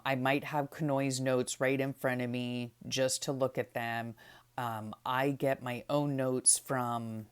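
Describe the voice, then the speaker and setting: A middle-aged woman vlogger with a smooth, rumbling low voice casually talks through how she studies the Bible. She's chatty, using lots of fillers and tag questions.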